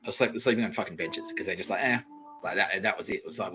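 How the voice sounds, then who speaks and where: A man in his forties rants through a comic story, swearing freely in a somewhat low voice. The audio is slightly dull and lo-fi, with faint music underneath. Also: racing. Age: 40s. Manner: profane, ranting, mock-angry. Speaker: podcast host. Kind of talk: comedic storytelling monologue.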